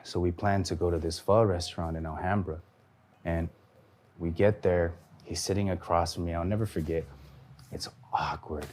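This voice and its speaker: This is a man with a very low voice telling his own story. He talks earnestly and gives the people in his story their own lines. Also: fairly even intonation, normal speed, darkish tone, slight background noise. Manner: earnest storytelling, acting out dialogue. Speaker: testimony speaker. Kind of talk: personal testimony.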